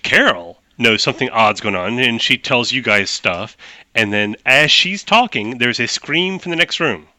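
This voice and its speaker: A man's voice: mid-range voice, lively intonation, normal speed, pushed and bright, no room sound. A man narrating a tabletop game as game master, explaining rules at length with frequent restarts.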